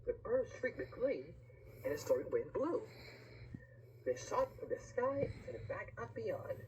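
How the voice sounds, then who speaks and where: A woman reading a rhyming picture book aloud, with lively pauses and asides to the listener. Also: medium pitch, slight background noise, poor audio.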